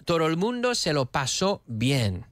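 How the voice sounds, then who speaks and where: Animated male teacher, lively pitch. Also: normal speed. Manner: animated, playful, switches between English and Spanish. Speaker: English teacher. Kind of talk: lively TV English lesson.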